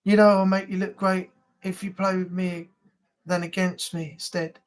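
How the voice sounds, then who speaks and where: A man's voice: high-pitched, flat delivery, moderate pace. A man hosting a casual live-stream chat, talking in a rambling, easygoing way with frequent laughs.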